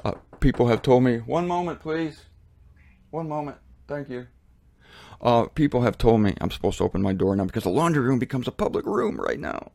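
Guy doing his own show from a laundry room, gravelly voice, dry close sound, emphatic and repetitive. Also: animated, a little fast, darkish tone, no echo. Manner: emphatic, repetitive, swings to high pitch on mocking lines. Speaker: show host. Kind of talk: casual opinion monologue.

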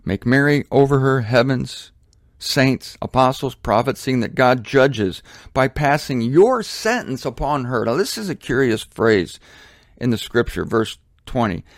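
A man's voice: mid-range voice, lively intonation, unhurried, no room sound, clean studio sound. Blunt, indignant man preaching a sermon. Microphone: headphones on, close mic.

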